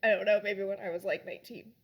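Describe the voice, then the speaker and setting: A woman's voice: medium pitch, steady tone, quick pace, husky. A young adult woman in casual chat, reviewing drinks and books in a rambling way with lots of fillers.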